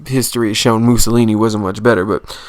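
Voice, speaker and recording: A man's voice: fairly low pitch, steady tone, fast talker, no echo. A man hosting a casual history explainer, rambling and correcting himself, joking about mispronouncing names. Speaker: history channel host.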